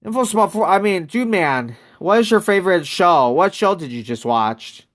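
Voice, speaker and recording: A man's voice: high voice, expressive, normal speed. A man streaming a mobile basketball game, chatting casually and greeting viewers from chat.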